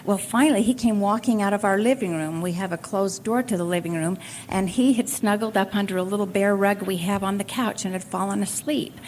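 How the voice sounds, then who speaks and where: An older woman speaks from a podium at a convention, in a voice of middling pitch. She talks in a folksy way, moving from family anecdotes to her points. A faint hiss sits under her words. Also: a little fast, few pauses, a little mellow. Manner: folksy storytelling with occasional laughs. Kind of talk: speech with anecdotes to an audience. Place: convention hall at a college.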